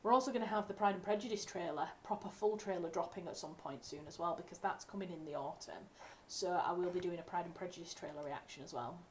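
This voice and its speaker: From a room at home, a young English writer chats casually with her livestream viewers through a desk mic over faint hiss. Her voice is on the low side and she talks fast with hardly any pauses, rambling and correcting herself mid-sentence.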